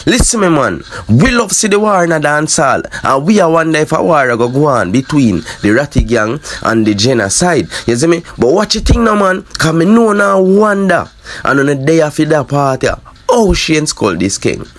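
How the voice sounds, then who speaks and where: Animated Jamaican man, high lively voice. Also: moderate pace. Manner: animated patois chatter, addresses "my viewers and sub". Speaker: dancehall news commentator. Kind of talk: casual commentary to viewers.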